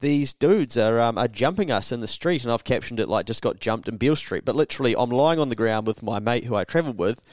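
A young man with a New Zealand accent spins casual stories in an animated, swearing way, putting on the voices of people he quotes. His voice sits at a middle pitch, and the recording is close and dry, with no room sound. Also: fast, hardly any pauses, no room sound. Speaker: podcast co-host. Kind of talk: casual storytelling chat.

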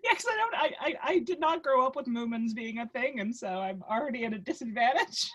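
A woman's voice: fairly high pitch, expressive, a little fast. Giggly rambling woman podcast co-host. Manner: giggly, rambling storyteller with lots of restarts. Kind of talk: casual chat.

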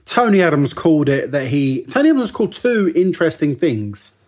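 A man in casual football chat, chatty and jokey, slipping into quick impressions of people. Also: fairly high pitch, very animated, a little mellow. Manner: chatty, jokey, mimics people mid-story. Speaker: football podcast co-host.

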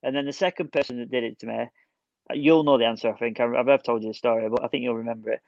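In a laid-back football podcast, this co-host speaks at medium pitch, launching into stories with excitement and quickly restarting his sentences again and again. There's no room sound, leaving the recording dull and dry.

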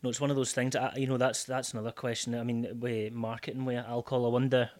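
A man's voice: medium pitch, level tone, fast talker, a little mellow. Reflective Scottish man, guest. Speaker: sobriety coach, guest. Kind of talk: casual podcast conversation.

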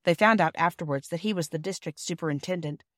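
A woman reading a classic children's novel aloud in a gentle storytelling manner. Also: on the low side, quick pace, dry recording, clean studio sound. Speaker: audiobook reader. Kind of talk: scripted narration.

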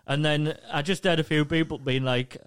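A man's voice: fairly high pitch, normal speed, clear, resonant tone, dry recording. A man, co-hosting a podcast and telling a story in casual, laughing banter. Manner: laughing, animated retelling with put-on voices. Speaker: podcast co-host.

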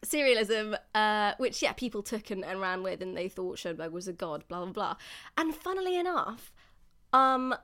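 A woman's voice: mid-range voice, animated, normal speed, a bit bright. A woman co-hosting a podcast, chatting casually and giggling often as she talks about classical music. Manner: giggly, chatty, self-deprecating. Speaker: podcast co-host.

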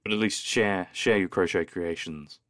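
A man's voice: low voice, moderate pace, a bit bright, no room sound, studio quality. A man co-hosting a podcast, chatting casually and reading listener emails aloud with jokey asides. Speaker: podcast co-host.

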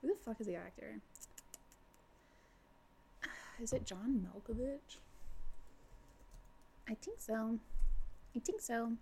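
Gravelly young woman chatting about books. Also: a little high, slow pace, pauses often, slight background noise. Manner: animated, swearing, laughs often. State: tipsy. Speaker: podcast co-host. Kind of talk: casual book chat.

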